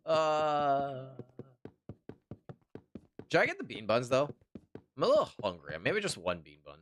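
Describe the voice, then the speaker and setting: A man's voice: mid-range voice, huge pitch swings, a little slow, pauses often, fairly bright tone, slight background noise. A man with a stuffy nose chatting casually on a live stream, rambling, swearing often and answering chat.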